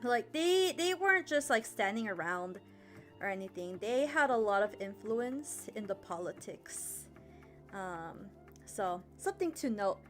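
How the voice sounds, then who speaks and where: A woman's voice: medium pitch, sing-song, measured pace, faint music behind. A woman giving a casual history lesson on a livestream, chatty and rambling, full of fillers and laughs. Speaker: history streamer teaching a lesson.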